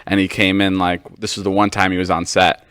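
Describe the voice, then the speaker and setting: A man's voice: low voice, little pitch movement, a little fast, a bit bright, clear, resonant tone. A young man hosting a podcast, telling stories in casual chat and rambling with plenty of fillers. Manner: rambling storyteller, heavy on fillers. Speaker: podcast host.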